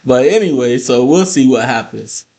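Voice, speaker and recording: A man's voice: mid-range voice, moderate pace. A man recapping a wrestling show in a casual vlog, cursing freely and breaking into heated rants. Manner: profane, ranting, animated asides.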